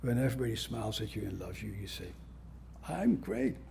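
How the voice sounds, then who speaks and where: A man's voice: lowish voice, very fast, creaky, darkish tone, a little hiss or hum. A man giving a conference lecture as a psychiatrist, blunt and conversational with a wry humor.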